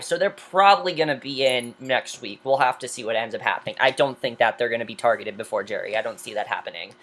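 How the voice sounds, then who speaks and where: A woman's voice: extremely low pitch, a bit bright. Opinionated woman recapping a reality show. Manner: opinionated, with frequent fillers and restarts. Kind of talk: casual recap commentary.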